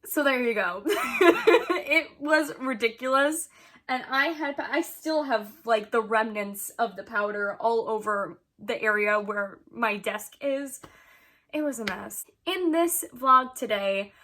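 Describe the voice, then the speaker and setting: Bright, chatty young woman vlogger. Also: a little high, measured pace. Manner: chatty, rambling, laughs often, many ums. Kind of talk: casual chat to camera.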